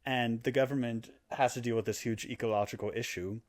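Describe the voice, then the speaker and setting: With a medium-pitched voice and brisk delivery, a podcast co-host explains a video game plot in casual conversation. His storytelling is animated, with occasional character impressions and laughter.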